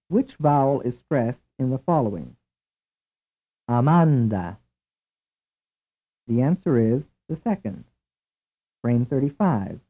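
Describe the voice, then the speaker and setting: A man giving a scripted language lesson in a measured, clear, deliberate drill delivery. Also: on the high side. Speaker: language instructor. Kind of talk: scripted instructional narration. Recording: tinny, lo-fi old tape recording.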